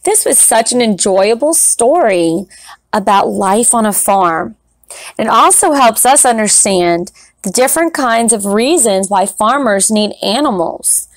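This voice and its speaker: A woman teacher reads a children's picture book aloud, slow and unhurried with a lively, sing-song pitch. She talks gently to her students. The recording is dry and close. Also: dry recording. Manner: gentle, addressing young students. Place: classroom recording setup.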